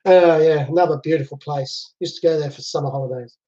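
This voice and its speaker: A man's voice: fairly high pitch, quick pace, dark tone. A man hosting a casual live chat from home, chatting and laughing easily as he reads out viewer comments. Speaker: livestream host. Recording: dull lo-fi livestream audio.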